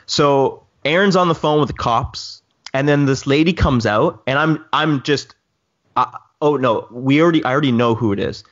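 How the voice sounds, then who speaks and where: A man telling a long story in casual chat with friends, rambling and animated with many restarts. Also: mid-range voice, normal speed, dull audio. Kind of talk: casual chat among drone pilots.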